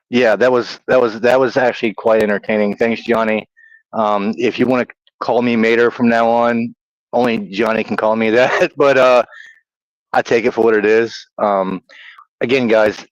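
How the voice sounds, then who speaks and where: This middle-aged man with a Southern US accent co-hosts a casual livestream, chatty and quick to laugh at himself. His voice sits on the low side, with no room sound and the highs cut off.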